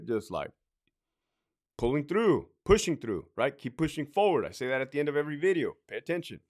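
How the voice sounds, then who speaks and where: A man's voice: a little high, fairly bright tone. Guy in his late 30s rambling thru a story, lots of swearing, voice going up n down a lot, keeps saying right?. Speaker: prison sergeant and veteran telling his career story. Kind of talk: casual storytelling vlog.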